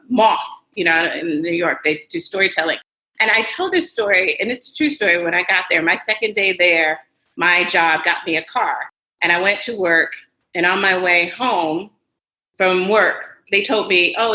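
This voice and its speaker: A woman in her forties, a podcast guest, telling her story in an animated, casual way and acting out the voices of other people. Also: on the low side, moderate pace. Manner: animated, acts out quoted voices. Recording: roomy echo.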